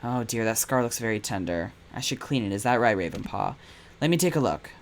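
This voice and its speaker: Man reading as a soft-spoken British assistant, coaxing and earnest. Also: on the low side, expressive, a little fast. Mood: gentle. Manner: gentle, coaxing. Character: earnest young male vet assistant.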